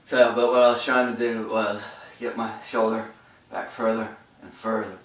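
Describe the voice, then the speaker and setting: Picked up by a far-off mic in a roomy space, this low-quality recording catches a stretching instructor's lowish, fairly bright voice at normal speed with little pitch movement. He explains the routine as he does it, breaking into short bursts between holds and panting from exertion.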